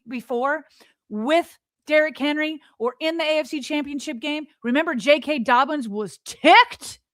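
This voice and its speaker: A woman's voice: high voice, a bit bright, no echo, clean studio sound. A woman co-hosting a sports podcast, arguing emphatically and firing off rhetorical questions in exasperation. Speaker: podcast co-host. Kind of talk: heated sports podcast argument.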